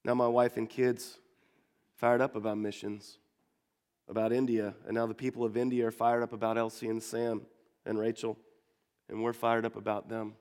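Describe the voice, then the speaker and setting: A man's voice: lowish voice, level tone, moderate pace, darkish tone, smooth, in a large hall. A man preaching a sermon to his congregation as their pastor, earnest and repeating words as he builds his points. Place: church sanctuary.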